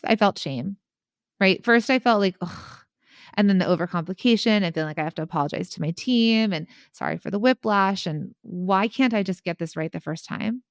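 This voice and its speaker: A woman's voice: on the low side, clear, resonant tone, no echo, studio quality. A woman hosting her own podcast, talking frankly and with energy about a business setback, acting out her own inner voice. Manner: frank, animated, self-reflective, acts out her own inner voice. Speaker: podcast host. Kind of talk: candid solo podcast monologue.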